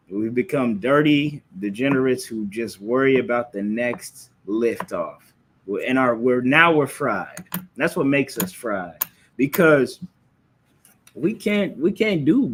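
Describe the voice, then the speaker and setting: A religious class teacher streams a scolding lesson live from a phone or computer, preaching in a medium-pitched, slightly bright male voice. He leans on rhetorical questions and repeats phrases for emphasis.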